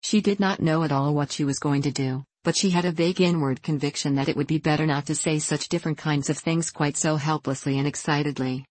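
A reader narrating a classic children's novel in a steady, measured way. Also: mid-range voice, dry recording. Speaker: audiobook reader. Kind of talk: scripted storybook narration.

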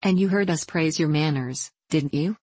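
A woman voicing a young country girl who speaks plainly and earnestly, in a low voice. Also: normal speed, a little mellow, breathy edge, dry recording. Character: frank, well-mannered country girl, earnest.

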